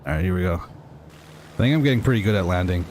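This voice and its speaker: A man's voice: sits low, lively intonation, fast talker, a little mellow, a little hiss or hum. A young man casually chatting and rambling to his viewers while playing a flight game on a livestream. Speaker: streamer. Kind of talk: casual gaming livestream chat.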